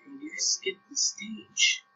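A man's voice: takes it slowly, bright, forceful tone, rough recording. A young man with a Norwegian accent, casually commenting on a game and puzzling aloud as he plays. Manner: puzzled, thinking aloud, repeats himself. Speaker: gameplay commentator.

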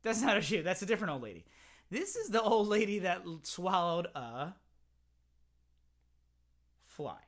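A music teacher leads a playful children's singalong, singing songs, whispering and guiding the kids through games. His high voice swings widely in pitch at a moderate pace, with frequent pauses.

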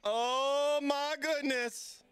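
A man hosting a casual livestream, excitable and hyped, talking straight to his chat. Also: very high-pitched, very slow. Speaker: livestream host.

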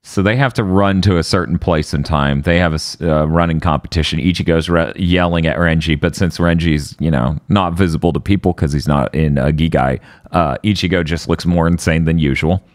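A low-pitched man talks through anime episodes on a podcast with weary sarcasm. He sounds exasperated and drops the odd curse. The recording is dry and close. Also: a little fast, few pauses, no room sound. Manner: sardonic, exasperated, swears. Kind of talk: casual comedic recap.

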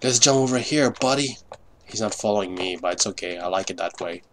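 A man's voice: on the low side, fairly quick, a bit bright, a little hiss or hum. A man giving live gameplay commentary, swearing often in frustrated outbursts over keyboard clicks. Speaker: gamer.

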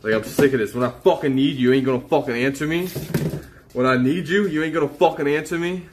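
A man livestreaming outdoors, talking in a rambling, profane, agitated way while high and paranoid. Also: quick pace, background noise. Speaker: IRL livestreamer. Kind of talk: live street streaming.

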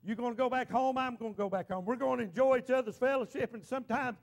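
A man's voice: extremely high pitch, quick pace, creaky. A middle-aged man preaching a folksy, exclamatory sermon to his church congregation, often repeating himself. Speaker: pastor. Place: church sanctuary.

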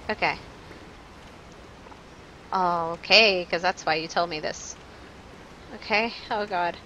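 A woman streaming live gameplay, talking to her chat in a jumpy, nervous way with quick laughs. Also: on the low side, bright, forceful tone, lo-fi sound, a little hiss or hum. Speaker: game streamer.

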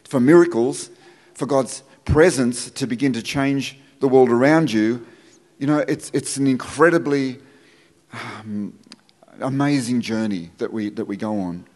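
A man's voice: medium pitch, measured pace, a little mellow. A man preaching as a pastor, telling a Bible story and reading scripture aloud in a reflective, unscripted way with frequent fillers and restarts. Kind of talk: sermon.

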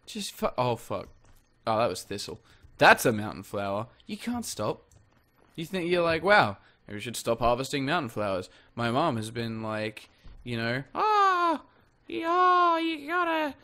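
A man's voice: mid-range voice, fairly bright tone. A man giving rambling, jokey let's-play commentary, swearing freely as he plays. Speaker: gaming channel host.

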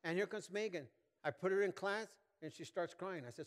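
A man's voice: on the high side, brisk. A man in his sixties preaching a sermon as pastor, folksy and rambling with many fillers and asides. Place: church sanctuary. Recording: long hall reverb.

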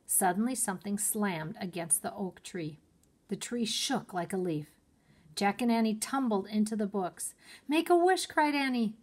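A woman teacher reads a children's chapter book aloud, telling the story expressively. Her medium-pitched voice is slightly rough and keeps a moderate pace.

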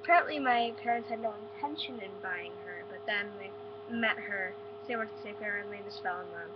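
A woman's voice: mid-range voice, brisk. Stuffy-nosed teen girl vlogging. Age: teens. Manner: chatty, many likes and ums. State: stuffy nose, sick. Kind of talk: casual vlog chat. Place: at home. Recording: dull lo-fi webcam with hum.

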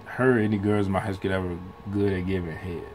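A man's voice: low voice, fairly even intonation, brisk, darkish tone, slight background noise. A man hosting a reaction video in casual, rambling commentary, swearing freely and laughing often between loose, restarting sentences. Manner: laughs often while talking.

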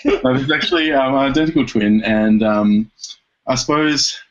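A man's voice: medium pitch, moderate pace. A man with dry humour, telling a story as a guest on a casual podcast. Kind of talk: casual interview chat. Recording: dull lo-fi podcast audio.

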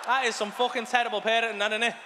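High-voiced sweary comic. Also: male voice, flat delivery, racing, a little hiss or hum. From England. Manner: sweary, blunt storytelling with acted-out outbursts. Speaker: stand-up comedian. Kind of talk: stand-up comedy set. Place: large theatre with a big audience. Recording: live hall recording with a loud crowd.

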